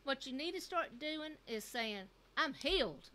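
A bright, ringing woman's voice, pitched a little above most, preaching to a youth service. She is middle-aged and talks in an earnest, conversational way, often circling back and repeating a phrase. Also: animated, moderate pace. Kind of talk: sermon.

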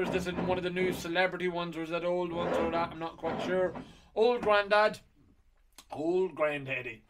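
A middle-aged man chats loosely through a run of auction lots, circling back on himself with ums and uhs. His voice sits a little higher than most men's. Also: a bit bright. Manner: rambling and chatty with many fillers. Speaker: whiskey auction host. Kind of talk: casual chat previewing auction lots.

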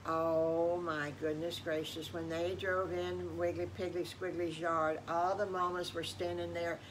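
A woman's voice: lowish voice, flat delivery, unhurried, slight background noise. An older woman improvising a bedtime story for children, rambling with folksy exclamations.

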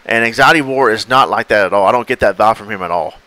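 A man co-hosting a casual podcast conversation, his voice bright and forceful. He rambles through his points and breaks into little acted-out exchanges. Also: lowish voice, fast talker, no echo, low-quality recording. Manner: rambling, laughs, acts out quoted exchanges. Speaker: podcast co-host. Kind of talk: casual chat.

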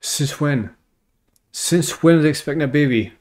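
A man's voice: on the high side, normal speed, a little mellow. A Scottish man reacting to a film, incredulous and swearing, laughing in disbelief at what he sees. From Scotland. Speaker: movie reaction host. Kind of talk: casual reaction commentary.

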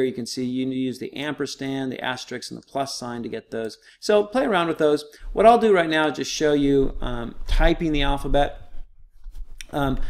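A man's voice: medium pitch, a little mellow. A man teaching a recorded online lesson, explaining step by step in a casual, patient way with frequent fillers.

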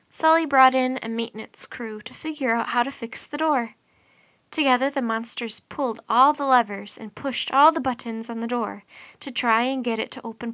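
Here a woman reads aloud from a children's bedtime storybook, animated and expressive, in a bright voice that sits slightly high. The recording is close and dry, with no echo at all.

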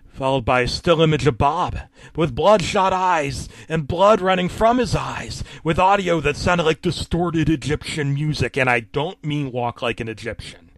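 A man's voice: mid-range voice, fairly bright tone, no echo. A man reading a horror story aloud, casual and wry, sometimes dropping to a whisper. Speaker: narrator.

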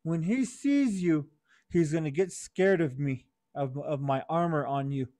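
A man's voice: on the high side, measured pace, mellow, no room sound, studio quality, close to an everyday voice. A man voicing a wise old horned toad helper who speaks in a firm, fatherly, lecturing way in a storytelling. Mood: reassuring.

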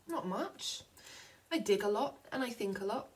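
A woman voicing a lost, thoughtful little male wombat in a read-aloud picture book, with meek, drawn-out replies. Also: mid-range voice, expressive, close to an everyday voice.

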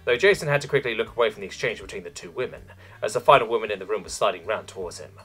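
A man narrating a science fiction story in an expressive storytelling way. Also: on the low side, rapid-fire, husky, faint music behind. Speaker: audiobook narrator.

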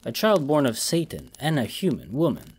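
A man's voice: medium pitch, wildly swooping pitch, normal speed, a little mellow, breathy edge. A man voicing a smug, cruel cult leader who speaks coolly and mockingly. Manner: cool, mocking, sneering.

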